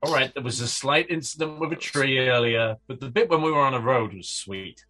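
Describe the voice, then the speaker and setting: A man at a tabletop game pokes fun at himself in a bright, clear voice. Faint music plays in the background. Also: mid-range voice, brisk. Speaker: player. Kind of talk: casual tabletop play.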